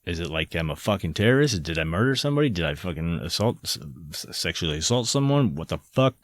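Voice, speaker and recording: Deep-voiced man ranting, profane and heated. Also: sing-song, fast, no room sound. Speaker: podcast host. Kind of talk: angry monologue.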